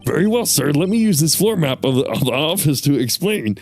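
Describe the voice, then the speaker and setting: A man's voice: a little high, sing-song, brisk, darkish tone, faint music behind, voice pushed up. A man doing an eager, sir-happy cop. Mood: earnest. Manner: keeps tacking on "sir". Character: eager dim male police detective.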